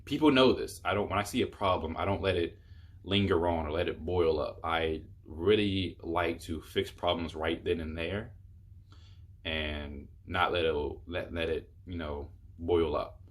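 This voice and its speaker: A man's voice: low voice, a little slow. A young man telling a rambling, exasperated storytime on his vlog, full of fillers. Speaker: YouTuber.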